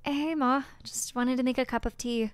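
A woman's voice: high voice, steady tone, moderate pace, clean tone, dry recording, close to an everyday voice. A woman reading the lines of a frustrated young woman in her twenties from a visual novel, in her own plain voice. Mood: defensive. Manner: plain reading, no accent attempted.

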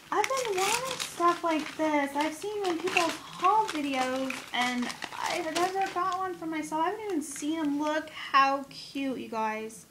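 A woman vlogging a casual unboxing of craft gifts, gushing and excitable, with gasps and constant exclamations. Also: sits high. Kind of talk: casual unboxing haul video. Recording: steady background noise.

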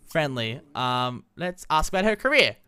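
A young adult commentating a life-simulation game in a casual, slangy, excitable way, laughing often. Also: medium pitch, moderate pace, clear, resonant tone. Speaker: gameplay commentator. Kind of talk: casual Let's Play commentary.

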